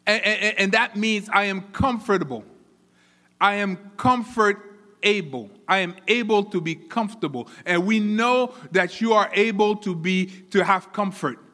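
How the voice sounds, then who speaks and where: A high, bright-voiced man preaches in a church, animated and often repeating words as he builds toward each point. His voice rings with long reverb from the hall around him. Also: normal speed, hardly any pauses. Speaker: pastor. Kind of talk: sermon.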